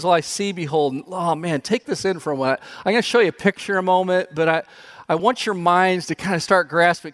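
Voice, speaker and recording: An older pastor delivers a sermon. His voice sits a bit high for a man, and he tells stories in an animated way with frequent chuckles. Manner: animated storytelling, chuckles often.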